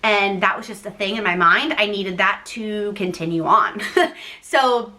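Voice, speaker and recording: A woman's voice: mid-range voice, a little slow, sharp tone. A young woman vlogger casually telling a personal story to the camera, chatty and talking straight to her viewers. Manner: chatty, addresses viewers as "guys".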